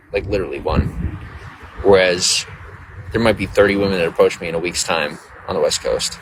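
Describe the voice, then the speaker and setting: A man's voice: low-pitched, noisy background. A man casually chatting on a live stream, greeting viewers by name in a loose, boastful, flirty way.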